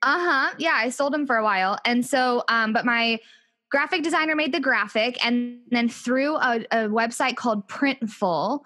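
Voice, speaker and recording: A woman's voice: on the high side, normal speed, sharp tone. A woman co-hosting a podcast in casual chat, chatty and laid-back with casual swearing. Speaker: podcast co-host.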